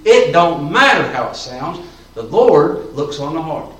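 A man's voice: a little high, very animated, unhurried, fairly bright tone. A man preaching a sermon in a church, in a folksy, fervent style with plain colloquial talk. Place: church sanctuary. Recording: roomy echo, voice from far off, faint ambience.

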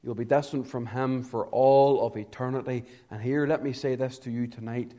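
A man preaching an evangelistic sermon, swinging between hushed, low passages and loud, emphatic climaxes, drawing out key words. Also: fairly even intonation, moderate pace, hardly any pauses.

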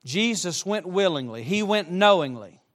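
A middle-aged man preaching to young people, with emphatic direct appeals and shifts between soft asides and loud, rising emphasis. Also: sits high, lively intonation, moderate pace. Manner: emphatic, repeatedly urging listeners with direct appeals. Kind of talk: sermon to a youth congregation.

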